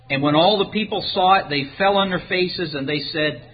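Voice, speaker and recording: With hardly any pauses, a man with a slightly high, breathy voice preaches at normal speed on a lo-fi recording. His sermon retells a scripture story, and he reads the King James wording aloud while animatedly acting out the characters' lines.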